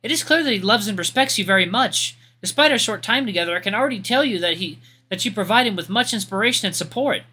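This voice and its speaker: A man's voice: high voice, expressive, fast, hardly any pauses, pushed and bright, slightly rough, faint music behind, voice pushed up, full character voice. A man voicing a formal, earnest young woman knight with a courteous manner.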